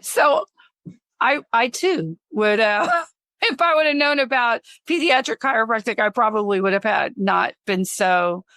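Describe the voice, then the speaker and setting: A woman's voice: fairly high pitch, a little slow, a bit bright, no room sound, clean studio sound. A middle-aged woman hosting a podcast interview, telling stories in a rambling, chatty way and laughing as she talks. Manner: chatty, rambling storyteller who laughs mid-sentence. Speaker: podcast host. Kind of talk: casual interview chat.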